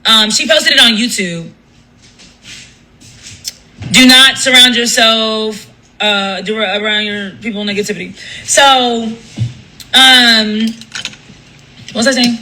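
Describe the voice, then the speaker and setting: A woman's voice: on the high side, slow pace, pauses often, sharp tone, slight background noise, poor audio. A woman, a radio host, telling a story on a casual livestream. She talks in an emphatic, profane way and restarts her sentences often. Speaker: radio host and live streamer.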